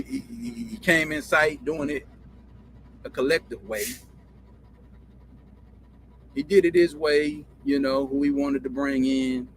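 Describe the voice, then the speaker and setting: Bright, profane Southern man rambling. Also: medium pitch, slight background noise. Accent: Southern US country drawl. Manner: profane, rambling, repeats himself. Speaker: show host. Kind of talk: casual storytelling monologue.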